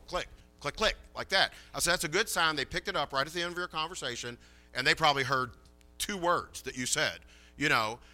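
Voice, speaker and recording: Folksy, bright-voiced preacher man. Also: a little high. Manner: folksy, chatty, acts out dialogue. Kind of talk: sermon storytelling.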